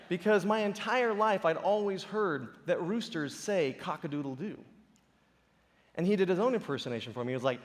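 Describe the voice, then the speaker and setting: Giving a conference talk on a large auditorium stage, a man animatedly tells stories to a live audience and slips into playful impressions. His voice sits high and is animated and brisk, trailed by a long reverb tail.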